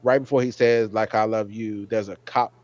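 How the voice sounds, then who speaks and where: A man's voice: on the low side, steady tone, moderate pace, darkish tone, no echo. A man hosting a casual episode review chat, animatedly retelling scenes and acting out the characters' lines. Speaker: host. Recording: dull, dry lo-fi mic sound.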